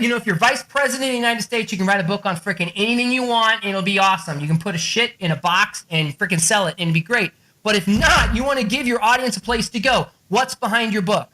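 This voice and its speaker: A man who is a podcast guest and author, telling profane, excitable stories and acting out quotes in a raised voice. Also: high-pitched. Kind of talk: animated storytelling in an interview.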